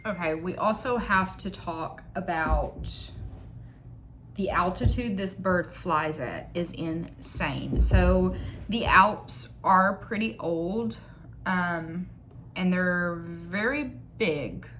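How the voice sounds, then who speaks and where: A woman's voice: on the low side, slow pace, background noise. A young woman chatting casually while doing her makeup on camera, rambling, joking about herself and reading figures aloud from a screen. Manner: rambling, joking and self-mocking. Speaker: beauty vlogger.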